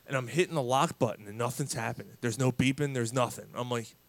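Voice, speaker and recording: A man co-hosting a casual pub sports show, telling a long story in an animated, cursing way and acting out his own lines. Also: mid-range voice, fast, creaky, no echo. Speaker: podcast co-host.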